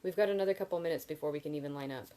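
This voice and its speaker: A woman's voice: low voice, racing, mellow, close to an everyday voice. A woman reading the lines of a nervous, shy young female student. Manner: timid, hesitant.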